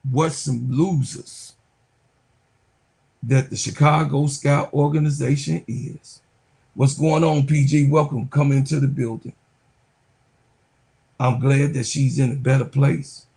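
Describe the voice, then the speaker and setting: A man's voice: medium pitch, fairly even intonation, slow pace, creaky, long pauses, a little mellow, breathy edge. A man hosting a basketball channel, giving casual, hyped commentary full of slang and repeated phrases. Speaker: sports channel host.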